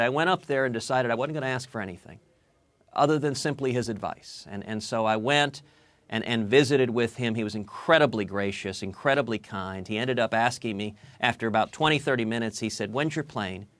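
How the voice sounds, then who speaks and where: A man, a political guest, telling a story in a TV interview with animated delivery and repeated words at the starts of his sentences. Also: mid-range voice, brisk, dry recording.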